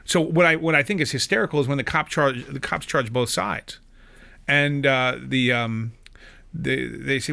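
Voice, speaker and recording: A man who works as a defense attorney, speaking in a relaxed, measured way and explaining legal points during a casual chat. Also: medium pitch, vocal fry. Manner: measured storyteller, explains the law.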